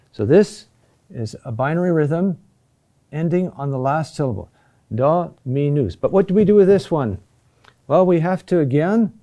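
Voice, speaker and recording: Slow, mellow-voiced man teaching chant. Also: a little high. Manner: slow, deliberate, with frequent "huh?" checks and pauses. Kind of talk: recorded lesson on chant rhythm.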